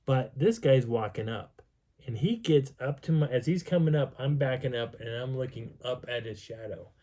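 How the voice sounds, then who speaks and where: A man telling a personal outdoor story in an animated way, acting out sounds and voices. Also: mid-range voice, moderate pace. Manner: lively, acts out sounds and dialogue. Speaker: vlogger telling a field story.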